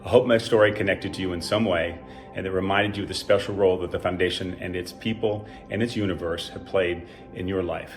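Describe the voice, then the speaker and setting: An older man with a lowish voice reads a personal story he wrote, dry and self-mocking in his humor. Soft guitar music plays faintly underneath. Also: fairly even intonation, fairly quick. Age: 60s. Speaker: alumnus telling a personal story. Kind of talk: scripted personal story reading.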